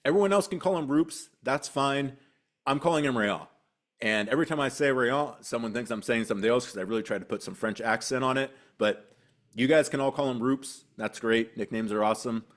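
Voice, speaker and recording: A man hosting a solo sports podcast, talking through his thoughts in a rambling way with many restarts and asides. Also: mid-range voice. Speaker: podcast host and team beat reporter.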